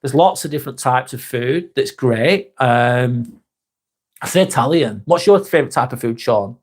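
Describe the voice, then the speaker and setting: Here a man with a mid-range voice talks at a moderate pace with lively intonation. Hosting a relaxed live vlog in his Lancashire accent, he reads out chat, curses freely and keeps calling people mate.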